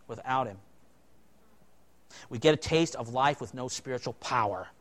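A male pastor preaching a sermon, swinging between loud, emphatic lines and quiet, low asides.

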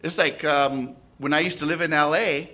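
A man's voice: a little high, fairly even intonation, normal speed, pushed and bright. A man preaching an expository sermon, often checking in with listeners through tag questions.

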